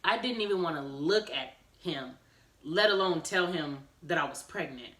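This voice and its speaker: A woman chats casually into her phone camera, retelling a personal story and acting out the dialogue. Her voice is a little low yet bright and clear. The sound is echoey and a bit distant from the mic. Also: expressive, moderate pace. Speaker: vlogger.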